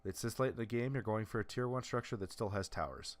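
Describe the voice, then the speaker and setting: A fast-talking man with a fairly low voice gives casual, analytical commentary over video game footage. He restarts often and fills gaps with "uh."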